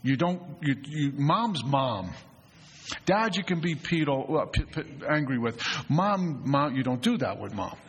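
A husky, somewhat high-voiced middle-aged man talks earnestly to a group, telling his story with frequent restarts and stammering fillers. His voice carries a long echo, as if recorded in a hall. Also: very animated, measured pace, muffled recording. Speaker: retreat facilitator. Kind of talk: recovery talk to a group. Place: mountain retreat hall.

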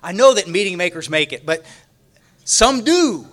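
A middle-aged man speaks at a recovery meeting in a slightly high voice, stumbling over his words and circling back on himself. He talks in a loose, unscripted way, stacking fillers and false starts before he lands a thought. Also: fairly bright tone. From Texas. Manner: halting, repeats words, many fillers and restarts.

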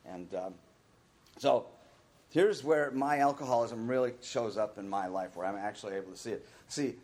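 A man's voice: fairly low pitch, moderate pace, darkish tone. A middle-aged man telling his own recovery story in a candid, rambling way, sometimes acting out the voices of the people he quotes. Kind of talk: personal recovery talk.

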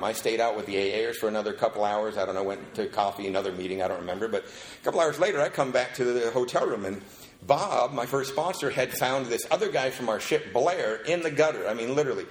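A man tells a story at a meeting in a middle-pitched voice and acts out the people in it. The room around him is echoey, like a meeting hall. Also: fairly quick. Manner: animated storyteller acting out the people in his story. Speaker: speaker sharing his story at a recovery meeting.

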